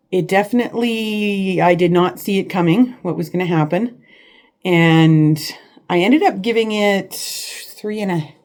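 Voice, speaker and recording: A woman's voice: lowish voice, darkish tone. A woman chatting about books in a casual vlog from her living room, rambling and hesitant with many restarts. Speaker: book vlogger. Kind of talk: casual chat.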